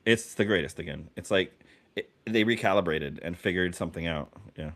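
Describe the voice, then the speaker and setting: A man with a fairly low voice co-hosts a casual podcast. He talks excitably, tripping over his words and starting sentences again. His telling of a story rushes ahead. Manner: excitable, lots of restarts. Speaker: podcast co-host. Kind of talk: casual chat.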